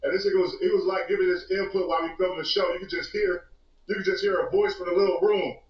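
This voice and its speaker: A man telling a story in a casual clip, animated and profane. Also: high voice, quick pace. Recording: roomy, dull clip audio.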